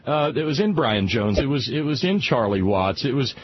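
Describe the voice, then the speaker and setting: Husky man with a wry, digressive manner. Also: mid-range voice, big pitch swings, normal speed. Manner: wry, digressive, quotes poems and sayings. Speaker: radio co-host. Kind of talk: casual music chat. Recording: slightly muffled radio broadcast.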